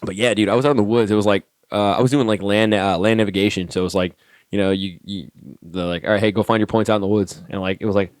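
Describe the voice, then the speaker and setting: Brief: male soldier guest, very deep voice, dry close sound, swears freely while acting out dialogue. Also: fast talker, no echo. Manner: profane, animated storyteller acting out dialogue. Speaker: podcast guest, army staff sergeant. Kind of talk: casual storytelling.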